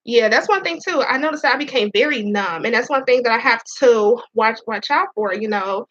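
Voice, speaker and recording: A woman talks frankly to her viewers, near tears as she repeats herself and sometimes swears. Her voice is bright and sits a little high. The sound is dull and lo-fi. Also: brisk. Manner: candid, profane, repeats herself. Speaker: Navy veteran and police officer. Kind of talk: emotional personal storytelling to viewers.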